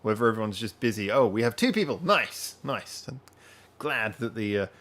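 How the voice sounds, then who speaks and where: Wearing headphones, a man hosts a laid-back live stream from home, rambling and talking straight to his viewers. His voice is lowish and fairly bright, with lively intonation and a moderate pace.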